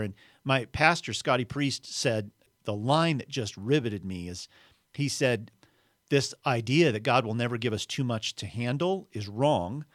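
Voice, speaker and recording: An earnest man talks through his ideas on a faith podcast and acts out the quotes in his stories. His voice sits at a middle pitch. The sound is close and dry, with no room echo. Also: expressive, unhurried. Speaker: author and guest.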